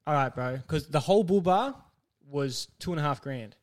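A man in casual podcast chat, his voice sitting a bit high. He tells his story with animated acted-out quotes and laughs often along the way. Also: moderate pace. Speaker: podcast co-host.

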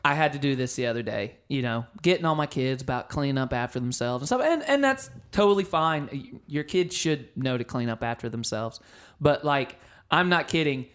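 Brief: man, 30s, casual co-host, lively anecdotal storyteller. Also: mid-range voice, a little fast. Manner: animated storyteller, acts out quotes. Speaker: podcast co-host. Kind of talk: casual chat.

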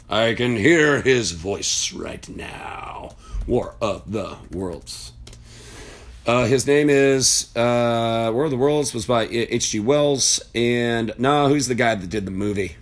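Heated, foul-mouthed man ranting. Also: medium pitch. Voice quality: blunt and heated, swears freely. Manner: rambling aside while searching online. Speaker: political commentator. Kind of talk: profane political rant.

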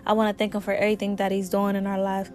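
A woman's voice: medium pitch, completely flat delivery, rapid-fire, darkish tone, faint music behind. A woman hosting a faith talk show, sounding a little sick and speaking earnestly and conversationally. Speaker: podcast host.

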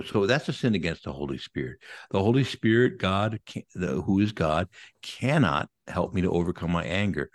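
With a low voice, lively intonation and a moderate pace, a middle-aged Catholic priest discusses faith casually on a podcast. He explains his thinking by acting out the inner voices he imagines.

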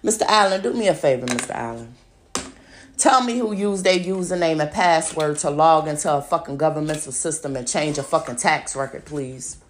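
A woman's voice: low-pitched, a little fast, a little hiss or hum. A woman hosting a podcast, ranting angrily, swearing a lot and mocking her opponents over and over. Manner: profane, mocking, repeats insults. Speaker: podcast host. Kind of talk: angry ranting monologue.

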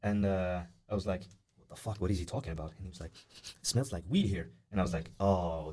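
A young man rattles off a story at a quick clip in a lowish voice. He tells it casually and loosely, full of fillers, and slips into other people's voices as he goes. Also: breathy edge. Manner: animated, acts out the voices of people in his story; many "uh" and "like" fillers. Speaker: podcast guest.

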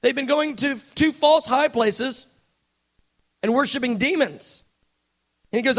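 High-voiced passionate male preacher. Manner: passionate, builds to shouting and slows for emphasis. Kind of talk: sermon.

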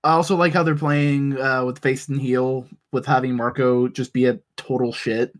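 A man co-hosting a podcast in casual chat, relaxed and recapping with amused asides. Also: medium pitch, moderate pace. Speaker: podcast co-host.

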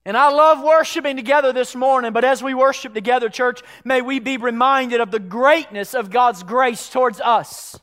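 A pastor preaching a sermon to his church, swinging from hushed, whispered lows to shouted climaxes. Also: steady tone, moderate pace, few pauses. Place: church sanctuary.

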